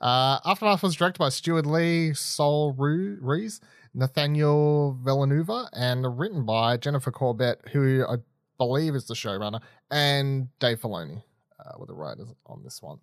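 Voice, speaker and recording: In a clean, dry studio recording, a man hosts a casual podcast with a chatty, loose manner that keeps drifting into tangents and side notes. His mid-range voice is expressive and runs at a normal speed.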